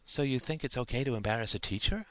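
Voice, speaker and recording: A man voicing a serious, cautious schoolgirl who speaks softly and earnestly. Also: medium pitch, fast, background noise, lightly acted.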